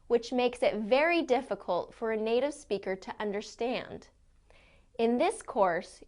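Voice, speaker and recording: Clear-spoken woman pronunciation teacher. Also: fairly high pitch. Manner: clear, deliberate modeling of sounds. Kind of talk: scripted lesson narration.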